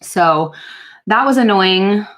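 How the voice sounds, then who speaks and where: A woman's voice: medium pitch, animated, slow, a bit bright. A young woman telling a story in a casual get-ready-with-me vlog, frank and exasperated, swearing freely with many fillers. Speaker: beauty vlogger. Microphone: camera mic while doing makeup.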